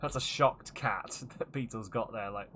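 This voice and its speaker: A man's voice: on the low side, unhurried, bright, forceful tone, slight background noise. A man casually commenting while streaming a game, rambling and joking with frequent laughs. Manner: rambling, jokey, laughs often.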